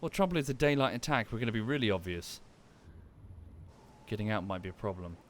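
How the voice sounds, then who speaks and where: Male gaming streamer at home, casual talk-through, lively swooping pitch, mutters and corrects himself. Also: brisk, slight background noise. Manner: thinks aloud, muttering asides and self-corrections. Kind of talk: casual live-stream commentary.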